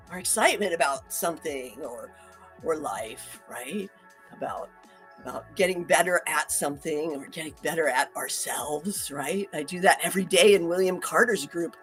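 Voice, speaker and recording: A woman's voice: fairly low pitch, fairly bright tone. A woman hosting a casual talk, chatty and upbeat, laughing often and restarting her sentences. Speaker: host.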